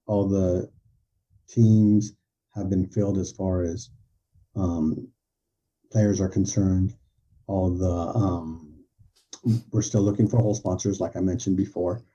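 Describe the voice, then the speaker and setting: Deep husky man, halting guest talk. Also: warm tone, muffled recording. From Southern California. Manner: hesitant, halting, lots of uh and um. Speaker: guest, head of a support nonprofit. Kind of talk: casual interview chat.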